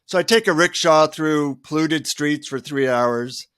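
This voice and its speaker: A man who is a guest author, telling humorous, animated stories in a remote interview. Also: a little high, measured pace, clean tone, dry recording. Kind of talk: storytelling in an interview.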